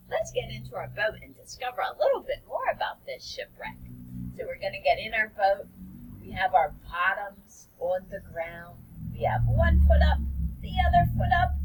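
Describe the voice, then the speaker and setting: A woman's voice: high voice, far from the mic, slight background noise, poor audio. A woman guiding children through a playful movement story, wide-eyed and often dropping into whispers. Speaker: kids yoga story guide.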